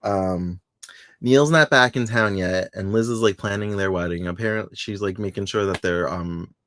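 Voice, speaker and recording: A man's voice: fairly low pitch, normal speed, a bit bright. A man co-hosting a podcast, chatting casually and laughing often as he recaps soap opera episodes and quotes the characters playfully. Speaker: podcast co-host.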